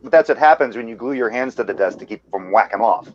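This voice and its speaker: A man's voice: medium pitch, lively intonation, fast. A man on a casual online call, making crude jokes. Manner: crude joking. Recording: dull lo-fi call audio with loud noise.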